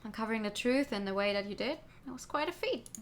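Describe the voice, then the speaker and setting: A woman's voice: fairly high pitch, animated, fast talker. Woman reading a reflective bird prosecutor. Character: earnest male bird prosecutor.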